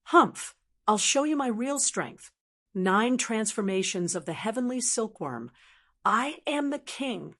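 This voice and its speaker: A woman's voice: fairly high pitch, expressive, takes it slowly, a bit bright, heavily acted. A woman reading as a haughty young cultivator woman.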